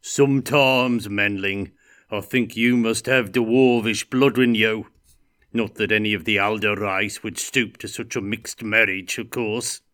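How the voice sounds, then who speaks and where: Guy doing a gruff dwarf warrior for a storybook, loud and slow, low booming voice. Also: steady tone. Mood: boastful.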